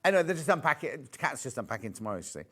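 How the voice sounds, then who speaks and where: A man's voice: medium pitch, very animated, racing, fairly bright tone, breathy edge. A man presenting a live shopping channel show from a studio, chatty and jokey, selling fabrics and reading out viewer messages. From United Kingdom.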